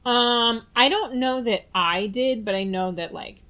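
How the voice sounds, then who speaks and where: A woman's voice: a little high, pushed and bright, smooth. Reactive young woman co-host. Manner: reactive, quick exclamations of dismay. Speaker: podcast co-host. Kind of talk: casual chat.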